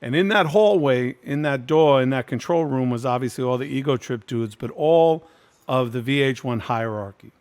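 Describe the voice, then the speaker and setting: A man's voice: medium pitch, moderate pace, a little mellow. A man in his fifties hosting a casual video-call reunion, telling a candid, profane story and acting out what people said. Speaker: host.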